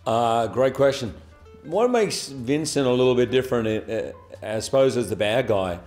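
A man in his forties with an Australian accent, a guest actor answering interview questions in a relaxed, good-humoured way, chuckling often. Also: medium pitch, moderate pace, faint music behind. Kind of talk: press junket interview.

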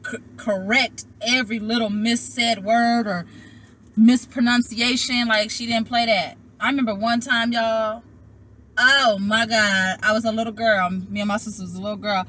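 Bright-voiced woman telling a personal story. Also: fairly high pitch, normal speed, a little hiss or hum. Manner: animated, emotional, addresses viewers as y'all. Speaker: tarot reader. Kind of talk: casual storytelling to viewers.

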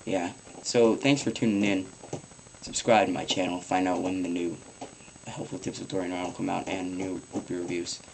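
A teenage vlogger with a fairly low voice and some vocal fry rambles through advice in a home vlog, swearing casually and dropping plenty of ums. His tone stays level and his speed normal. A faint hiss of room noise sits beneath the built-in camera mic.

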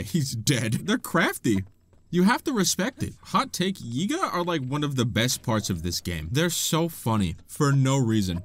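A man giving playful, sarcastic gameplay commentary as a video host, often laughing. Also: mid-range voice. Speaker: gaming YouTuber.

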